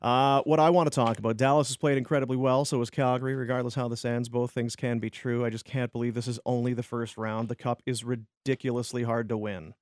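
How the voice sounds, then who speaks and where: A man's voice: mid-range voice, flat delivery, quick pace, hardly any pauses, darkish tone, no echo, studio quality. A man co-hosting a casual sports radio show, joking loosely with guests and reading sponsor spots.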